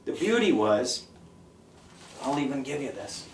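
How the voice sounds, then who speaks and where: Middle-aged punk rocker, blunt and profane, animated storyteller, echoey room, distant mic, faint hiss. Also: male voice, medium pitch, measured pace. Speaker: punk musician interviewee. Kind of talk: casual interview monologue.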